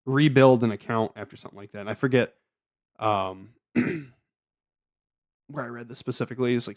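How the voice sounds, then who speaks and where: A man hosting a casual solo trading recap, rambling with frequent stammers, restarts and filler words. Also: mid-range voice. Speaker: trading channel host.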